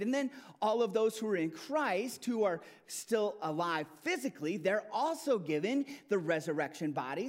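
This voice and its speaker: Male pastor, sermon delivery, high voice with big swings in pitch, emphatic and prone to restarts. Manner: animated, emphatic preaching with rising and falling intensity.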